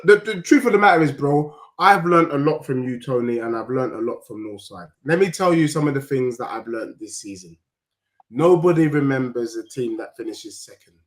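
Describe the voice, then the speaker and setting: A young man, a Tottenham fan talking football and teasing rivals in lively banter. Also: high-pitched. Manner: boastful, teasing, half-sung chants. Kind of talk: animated football banter, singing taunts.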